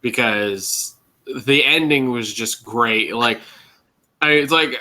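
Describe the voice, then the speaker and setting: Man guest, slow, halting delivery, very bright voice. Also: mid-range voice, expressive. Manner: unhurried, searches for words, trailing phrases. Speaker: panel guest. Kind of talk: casual panel chat.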